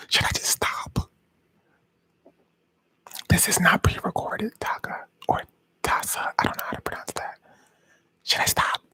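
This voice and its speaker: Guy whispering into his live stream, keeps cracking up, bright voice, dry sound. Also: no room sound, poor audio. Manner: whispering and giggling, self-mocking. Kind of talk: casual live stream chat to viewers.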